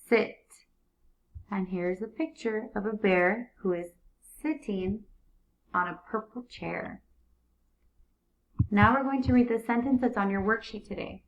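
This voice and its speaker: Woman, early reading teacher, slow and clear repetitive prompting, dull lo-fi sound. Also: mid-range voice. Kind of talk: early reading lesson for young students.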